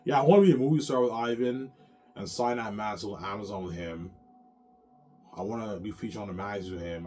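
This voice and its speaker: A man's voice: sits low, noisy background, lightly acted. A man voicing his wife as a tearful woman who pleads with him and keeps repeating his name.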